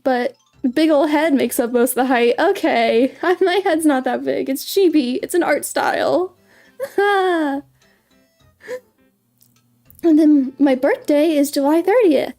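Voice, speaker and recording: A woman's voice: high voice, slow, pauses often, a little mellow, faint music behind. A woman streaming as a VTuber in a casual livestream chat, bubbly and giggly, often stumbling and repeating her words.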